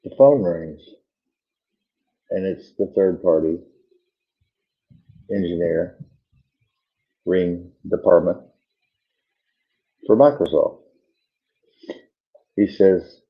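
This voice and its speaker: A man's voice: deep voice, very slow, long pauses. A man hosting a radio show, casually telling a story and acting out the voices of the people in it. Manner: animated retelling, acting out quoted voices. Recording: tinny phone-like audio.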